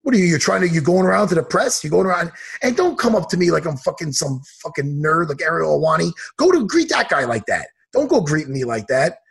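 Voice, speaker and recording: A man's voice: on the high side, animated, fast talker, gravelly, few pauses, breathy edge. A man, an MMA coach, chatting casually on a podcast, ranting heatedly and swearing a lot. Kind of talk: casual chat.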